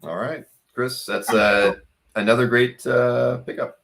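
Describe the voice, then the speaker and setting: A man's voice: mid-range voice, steady tone, measured pace, creaky, fairly bright tone. A middle-aged man hosting a live sales show, joking and self-mocking, with lots of fillers. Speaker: host.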